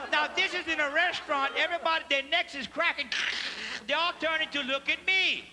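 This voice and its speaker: A man with a Cajun accent telling comic stories on stage, animated and mixing in French phrases as he asks the audience questions. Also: very high voice, brisk, a little hiss or hum. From Louisiana. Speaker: stand-up comedian. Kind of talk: live stand-up storytelling. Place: large theater stage before a live audience. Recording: live theater recording with hall reverb and faint ambience.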